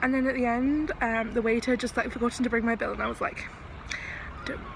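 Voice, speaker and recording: A woman's voice: on the high side, fairly even intonation, quick pace, creaky. A woman chatting to camera as a travel vlogger while walking outdoors, laughing often as she tells stories. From England. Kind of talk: casual vlog chat. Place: outdoors, walking through a windy town. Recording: wind noise on an outdoor camera mic.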